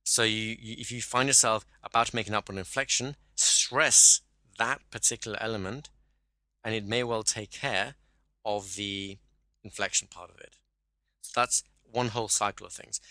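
A man coaches a caller through exercises in a one-to-one session. His voice sits a little low but sounds bright and forward. The sound is dry and close, with no room around it. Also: no room sound. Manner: instructive, checks in with "right?".

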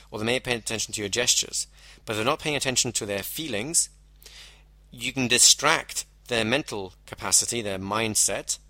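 Bright-toned man teaching hypnosis. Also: mid-range voice, dry recording. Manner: measured, explanatory, with slowed emphasis on key phrases. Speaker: hypnosis instructor. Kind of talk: teaching lecture.

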